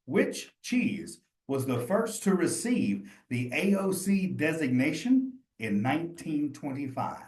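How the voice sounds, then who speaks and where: A man's voice: fairly high pitch, sing-song, slow pace, few pauses, darkish tone. A man leading a live study session, thinking aloud and talking straight to his students in a chatty, encouraging way. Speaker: cheese instructor. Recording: roomy echo.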